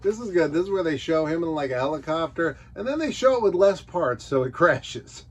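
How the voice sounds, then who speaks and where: A man with a fairly high, very lively voice gives casual, joking commentary on old children's books. His pitch jumps around a lot as he riffs. Now and then he slips into goofy put-on voices. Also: fairly quick. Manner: jokey, puts on silly character voices. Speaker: nostalgia show host.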